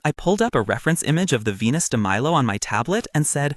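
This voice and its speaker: A male storyteller tells a first-person story with animated, dramatic emphasis. His pitch swings widely. The recording is dry and close. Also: quick pace, dry recording.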